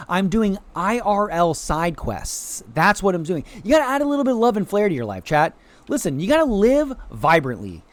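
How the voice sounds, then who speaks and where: A man from the United States keeps up casual chatter with viewers over a game stream, greeting chat and quacking playfully. His voice sits high with big swings in pitch, and he speaks at a normal speed.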